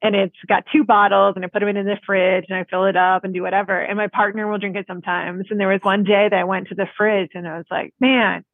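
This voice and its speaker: A podcast host telling a personal story in a lively, laughing way. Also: mid-range voice, quick pace, hardly any pauses, dry recording. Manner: animated storyteller, laughs easily. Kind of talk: casual conversation. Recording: tinny phone-like line.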